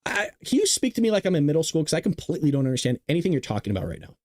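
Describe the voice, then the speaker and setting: A man's voice: on the high side, very animated, very fast, darkish tone, no echo. Emphatic man hosting live commentary. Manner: emphatic, repetitive ranting with restarts. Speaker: host of a live news commentary show.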